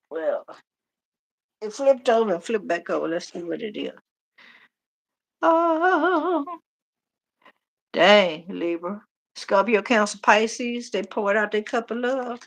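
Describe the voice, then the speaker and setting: A middle-aged woman, casually reading tarot on a live stream, animated and talking straight to viewers. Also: mid-range voice. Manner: chatty, animated, talks to viewers directly. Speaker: tarot reader.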